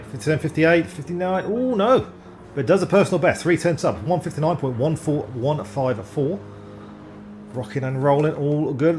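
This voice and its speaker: A man giving live, rambling commentary on an online sim race, excitable and often stumbling over driver names. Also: medium pitch, a little hiss or hum.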